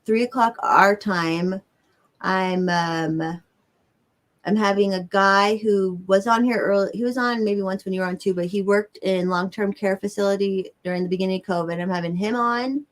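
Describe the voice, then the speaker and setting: A woman's voice: mid-range voice, normal speed. Woman, Southern American accent, livestream host, casual rambling chat, casual swearing. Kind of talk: casual chat answering viewers.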